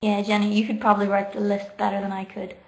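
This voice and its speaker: Here the woman's mid-range voice comes out fast, monotone, gravelly and a little mellow, picked up by her laptop microphone. She's on the floor at home in a late-night livestream, giggling and chatting as she answers viewers' questions aloud.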